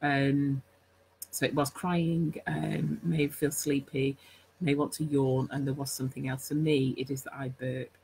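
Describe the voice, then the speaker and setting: A woman's voice: rumbling low, level tone, measured pace, creaky, darkish tone, slight background noise, poor audio. A woman hosting a live stream, chatty and rambling, full of fillers and self-corrections as she teaches. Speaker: host.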